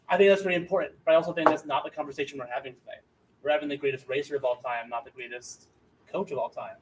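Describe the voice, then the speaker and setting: Guy with a highish voice going off in a fake-serious debate, all worked up and outraged. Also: rough recording. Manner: impassioned, mock outrage, fast bursts. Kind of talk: mock-serious debate speech.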